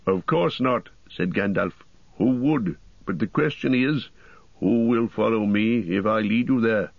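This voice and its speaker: A man reading the part of a wise old wizard in an audiobook, with a measured, solemn delivery. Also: fairly low pitch, gravelly, dry recording, lo-fi sound. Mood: grave. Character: wise old male wizard, grave and commanding.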